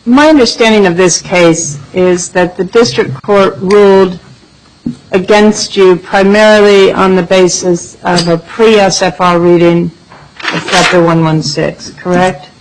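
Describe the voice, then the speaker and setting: An appellate judge questioning counsel during oral argument, cutting in with brisk, pointed questions. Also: medium pitch, steady tone, slight background noise, low-quality recording.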